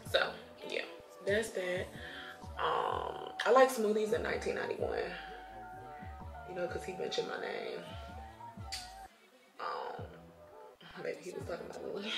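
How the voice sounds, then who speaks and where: A woman's voice: fairly low pitch, wildly swooping pitch, a little slow, creaky, long pauses. Tipsy woman chatting in a roomy room. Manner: chatty, playful, talks to viewers as y'all. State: a little tipsy. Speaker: beauty vlogger. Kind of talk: casual get-ready-with-me chat. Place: home room while doing makeup. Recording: roomy room with music playing behind.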